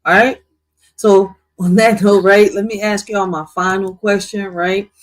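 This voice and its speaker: A man's voice: high-pitched, level tone, measured pace. A man co-hosting a news commentary show, talking casually with heated, profane outbursts. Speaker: co-host.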